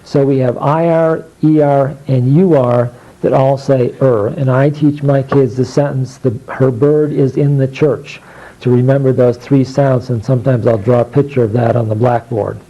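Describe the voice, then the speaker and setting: A man teaching phonics, sounding out letters and keywords one by one in a deliberate instructional drill. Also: mid-range voice, steady tone, dark tone. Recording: dull lo-fi recording.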